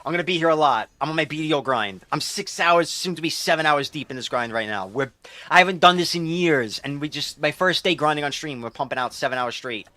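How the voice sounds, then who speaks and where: A man's voice: on the high side, a little fast, pushed and bright, no echo. A man streaming a game, chatting casually with viewers in a rambling, loose way and reading chat aloud.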